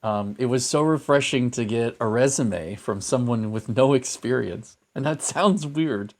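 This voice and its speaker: A man's voice: medium pitch, unhurried. A man co-hosting a podcast, talking in a thoughtful, rambling way with many fillers and restarts. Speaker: podcast co-host. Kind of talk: casual podcast chat.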